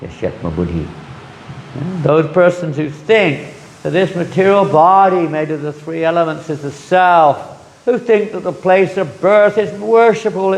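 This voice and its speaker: Lively, gravelly man giving a scripture talk. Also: a little high, unhurried, roomy sound, poor audio. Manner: lively, acts out quoted voices. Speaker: spiritual teacher.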